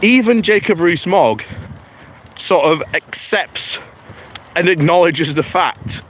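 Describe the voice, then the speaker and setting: A man's voice: fairly high pitch, lively intonation, a bit bright, slight background noise. A British man hosting a political live stream, chatting casually and reading out viewer comments in a rambling way with many fillers. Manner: slow, rambling, with frequent fillers.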